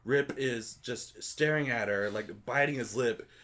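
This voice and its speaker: A man's voice: mid-range voice, a little slow, a bit bright. Laughing man recapping a movie. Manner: laughs often while recapping, loose and amused. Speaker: podcast co-host. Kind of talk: casual movie recap chat.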